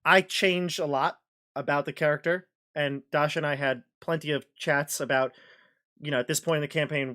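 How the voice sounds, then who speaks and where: A man's voice: a little high, a bit bright. A man hosting a casual chat as game master, talking in loose sentences with many restarts and fillers. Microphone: video call.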